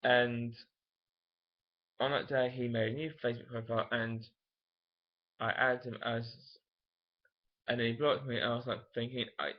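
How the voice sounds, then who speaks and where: A man's voice: mid-range voice, little pitch movement, moderate pace, long pauses. A young man, telling a personal story to camera in a frank, emotional, rambling way. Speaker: vlogger. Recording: dull lo-fi camera audio.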